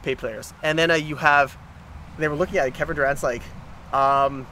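A man's voice: fairly high pitch, fairly even intonation, moderate pace, pushed and bright, a little hiss or hum. A man co-hosting a casual chat, rambling and stopping to restart, swearing freely.

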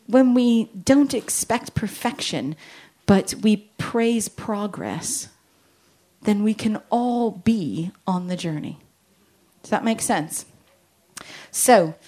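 A woman and parent giving a lively Christian talk on parenting, joking and acting out little quoted voices. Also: mid-range voice. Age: adult with children. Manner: animated, jokey, acts out quotes.

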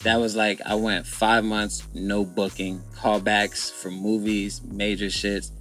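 Young man, low voice, blunt slangy storyteller, candid podcast talk, faint music behind. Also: level tone, slow pace, fairly bright tone. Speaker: guest.

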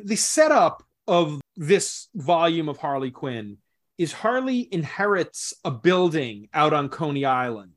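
Casting: man, slightly high voice, unhurried comics-podcast co-host, explains patiently. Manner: slow, thoughtful, explanatory. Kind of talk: casual chat.

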